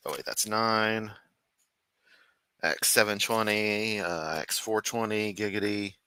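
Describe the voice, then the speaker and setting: A man from the United States hosting a reaction stream from his room at home. He is sarcastic, rambling and constantly profane. His lowish voice has a bright, forceful edge, and the sound is dry and close. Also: slow pace, smooth, dry recording. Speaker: streamer host. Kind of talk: casual reaction commentary.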